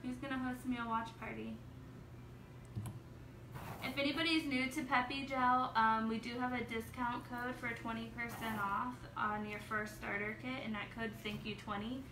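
A woman's voice: a little high, fairly even intonation, normal speed. A young woman hosting a nail salon livestream in a casual chatty way, reading viewer comments aloud. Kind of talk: casual livestream chat and demo. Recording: echoey room, distant mic, noisy.

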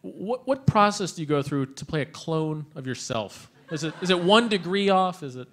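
A man moderating a convention panel, with a voice a little higher than most men's. He puts his questions in a jokey way and stretches them out before handing over. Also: lively intonation, moderate pace, a bit bright. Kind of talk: casual moderated Q&A.

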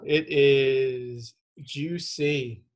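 A man's voice: medium pitch, steady tone, drawn-out words. A man with a Midwestern accent co-hosting a casual podcast, speaking hesitantly, repeating words, with dry humor. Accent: Midwestern American. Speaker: podcast co-host. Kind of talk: casual chat over drinks.

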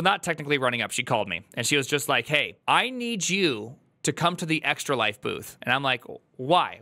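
A man's voice: on the high side, pushed and bright. A male streamer telling an emotional, earnest story to his chat, holding back tears. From United States. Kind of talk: casual livestream chat.

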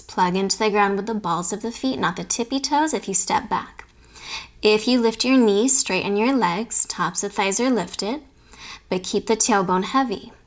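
Woman, young adult, yoga teacher, calm step-by-step cueing, mid pitch, some whispered words. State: slightly out of breath. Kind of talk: guided yoga class instruction.

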